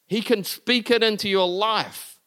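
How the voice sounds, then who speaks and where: Guy preaching, kinda high smooth voice, earnest, swings from loud to soft. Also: steady tone, a little slow. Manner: earnest, building to emphatic peaks, then dropping soft and low. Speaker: pastor. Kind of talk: sermon.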